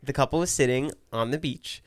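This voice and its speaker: A man from New Jersey hosting a podcast in casual chat, relaxed and joking, cursing now and then. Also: medium pitch, fairly quick, no echo, clean studio sound. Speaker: podcast host.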